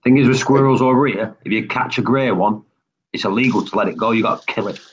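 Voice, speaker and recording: A man's voice: medium pitch, fast. A man with a Manchester accent chatting on a live stream, jokey and full of local slang. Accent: Mancunian. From England. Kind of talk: casual live stream chat. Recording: husky voice over a dull lo-fi line.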